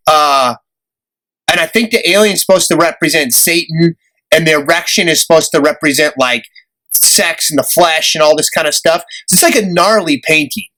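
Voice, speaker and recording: A young man hosting a podcast, telling a story in a casual, animated way, laughing often and acting out what people said. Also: fairly high pitch, low-quality recording. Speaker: podcast host.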